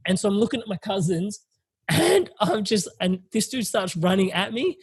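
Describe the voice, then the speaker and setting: A young man tells a story on a podcast, loose and animated. His voice sits a little high, and the recording is dry and close. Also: moderate pace, husky, no echo. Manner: animated, swearing, laughing through a story. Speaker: podcast host. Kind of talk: casual storytelling.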